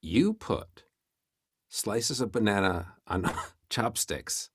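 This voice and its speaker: Casting: man as fed-up accountant next door, deadpan, lively pitch, dry close sound. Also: takes it slowly, breathy edge, no echo, exaggerated voice. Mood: exasperated. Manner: exasperated, deadpan, stammering. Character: exasperated middle-aged accountant neighbor Marcus. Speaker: improv performer. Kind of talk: improvised comedy scene.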